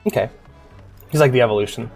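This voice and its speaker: A streamer playing a video game talks quickly in a medium-pitched, darkish voice. Over faint game music he rambles, swears freely, and chats casually with his viewers.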